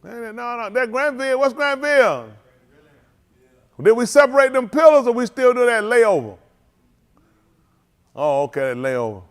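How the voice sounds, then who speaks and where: Man, high voice, congregation leader, casual teasing shout-outs to viewers. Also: sing-song, unhurried, pauses often. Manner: joking, teasing, calls out names. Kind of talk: casual livestream greetings.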